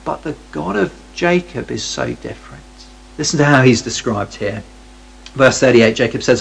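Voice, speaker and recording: A man's voice: mid-range voice, animated, moderate pace, creaky, breathy edge, rough recording. A man reading a Bible passage aloud and commenting on it in a conversational, wry way, often stopping to restart his sentences. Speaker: Bible teacher.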